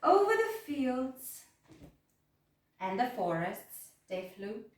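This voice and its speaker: A woman reading a rhyming picture book aloud in a sing-song, expressive way, in an echoey room a little away from the mic. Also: fairly high pitch, slow, far from the mic. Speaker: storyteller.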